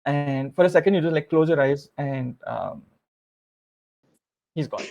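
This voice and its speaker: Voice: medium pitch, measured pace, gravelly, a little mellow, muffled recording. A game master narrating a tabletop game in loose, filler-heavy speech.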